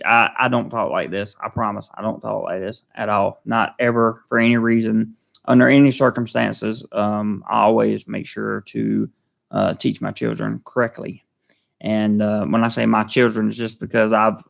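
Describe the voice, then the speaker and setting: A man's voice: lowish voice, gravelly, a bit bright. A man with a Southern American accent chatting casually on a live stream, reading viewer comments and rambling with many fillers. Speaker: vlogger hosting a live stream.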